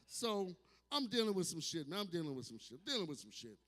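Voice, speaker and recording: A man's voice: high voice, animated, fairly quick. Brash, profane man in his fifties, club reverb. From New Orleans, USA. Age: 50s. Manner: loud, brash and profane, with sudden shouts and acted asides. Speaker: stand-up comedian. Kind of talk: stand-up comedy set. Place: distillery bar with live audience. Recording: hall reverb from a club room.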